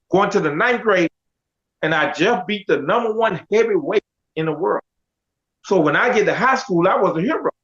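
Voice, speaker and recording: High-voiced man telling his story. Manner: animated, quotes others in dialogue. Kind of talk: casual storytelling. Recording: dull lo-fi audio.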